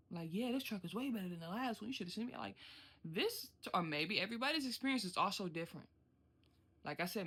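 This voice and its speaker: A truck driver talks straight into a phone camera from inside the cab, blunt and slangy, venting with open exasperation. The voice sits at an ordinary middle pitch. A faint hum of noise runs underneath. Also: sharp tone. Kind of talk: casual vlog rant.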